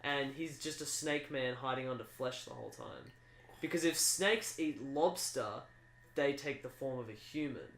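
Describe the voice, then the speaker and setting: A man's voice: mid-range voice, normal speed, a bit bright, a little hiss or hum. Rambling playful man in an echoey room. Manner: rambling, playful, acts out silly voices. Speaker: podcast co-host. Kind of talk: casual comedic chat.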